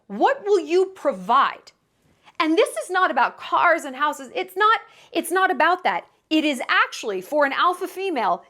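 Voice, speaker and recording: A woman's voice: sits high, fairly bright tone. A young woman talking to camera with dating advice, emphatic and dramatic, slipping into quoted voices. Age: young adult. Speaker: vlogger giving dating advice. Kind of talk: casual to-camera commentary.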